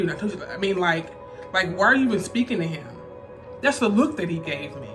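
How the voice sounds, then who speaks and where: A woman's voice: medium pitch, expressive, brisk. A woman telling a personal story on her vlog in a casual, chatty way, full of fillers. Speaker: vlogger. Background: faint background music.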